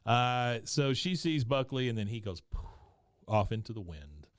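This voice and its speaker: A man's voice: mid-range voice, very animated, a little slow, no room sound, studio quality. A man co-hosting a podcast, casually walking through scenes of an episode and reading out lines from it. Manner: narrates scenes, reads out quoted lines. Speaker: podcast co-host. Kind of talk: casual episode recap chat.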